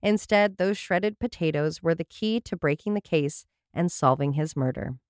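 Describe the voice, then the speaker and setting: A woman with a slightly low voice hosts a casual storytelling podcast. She reads her story with wry, sarcastic asides. Her voice is close and dry, with almost no room sound. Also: normal speed, dry recording. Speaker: podcast host.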